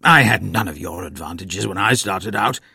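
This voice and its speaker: A man's voice: sits low, moderate pace, gravelly, sharp tone, slightly rough, no echo, clean studio sound, exaggerated voice. A man voicing a blustering, scornful old grandfather who lectures his family in a storybook reading.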